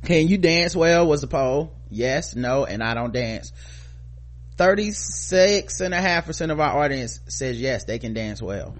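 A man's voice: medium pitch, expressive, a little slow. Male co-host, mid-range voice, playful mock outrage in loose banter. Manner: joking, mock-indignant riffs. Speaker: podcast co-host. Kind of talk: casual chat.

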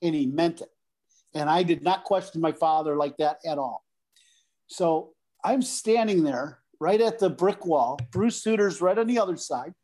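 A man's voice: fairly high pitch, normal speed. Middle-aged man telling a baseball story. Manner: animated, acts out voices in anecdotes. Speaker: former pro baseball player, guest. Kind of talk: casual storytelling.

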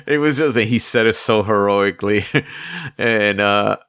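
A man's voice: fairly low pitch, fairly bright tone, no room sound, studio quality. Laughing, rambling New man. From the Bronx, New York. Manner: laughs often, rambling with many fillers. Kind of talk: casual podcast chat.

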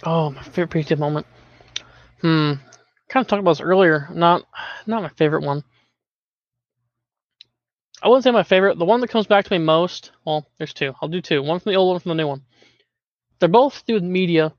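A man telling stories from his gaming group in a casual chat, animated and quick to laugh, with plenty of filler words. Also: a little high, no room sound. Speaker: podcast guest, longtime community member. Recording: dull lo-fi voice-chat audio.

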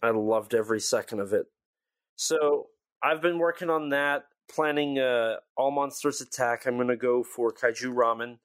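This is a tired man co-hosting a podcast, his voice medium in pitch and his speed normal. He rambles through casual chat, full of fillers and restarts.

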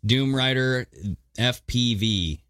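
A man hosting a podcast in casual chat, animated and profane, directing what is shown on screen. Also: medium pitch, slow. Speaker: podcast host.

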